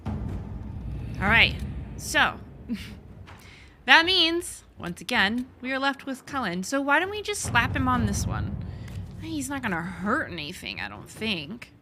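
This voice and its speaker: A woman's voice: a little high, very animated, takes it slowly, pauses often, bright, forceful tone, faint music behind. A woman streaming a video game, chatting casually as she thinks aloud, laughing and swearing often. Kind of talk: casual gameplay commentary.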